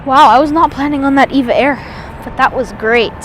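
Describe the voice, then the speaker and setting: A woman's voice: high voice, fairly quick, background noise. A woman outdoors at an airport giving chatty, enthusiastic live plane-spotting commentary, rambling with restarts.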